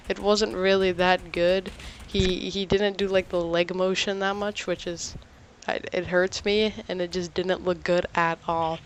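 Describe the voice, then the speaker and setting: A teenage boy casually telling a story about his day, rambling with halting restarts and lots of "like". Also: high voice, a little hiss or hum. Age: teens.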